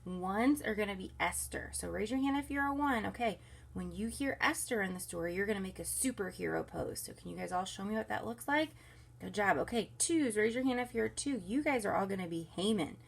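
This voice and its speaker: With a baby crying nearby, a children's ministry leader pauses to gently calm it while cheerfully teaching volunteer small group leaders the week's kindergarten lesson in a recorded walkthrough. She speaks a little fast in a mid-range voice with lively intonation, vocal fry and a slightly rough texture.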